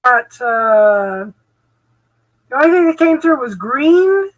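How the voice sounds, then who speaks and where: A woman's voice: high-pitched, very animated, slow pace, no room sound, poor audio. A woman hosting a spiritual chat, reading intuitive messages aloud in a distracted, murmuring way. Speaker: spiritual reader and channel host. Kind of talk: casual chat while doing a reading.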